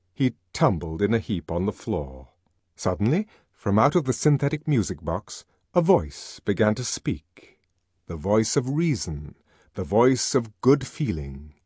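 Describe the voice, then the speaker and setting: Slow, expressive male audiobook narrator. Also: medium pitch, no echo, studio quality. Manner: dramatic, expressive reading. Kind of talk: scripted narration.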